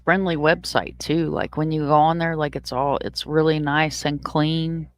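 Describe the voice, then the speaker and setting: Woman chatting on a stream, fairly low voice for a lady, upbeat and chatty, dry sound. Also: flat delivery, moderate pace, dry recording. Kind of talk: casual chat.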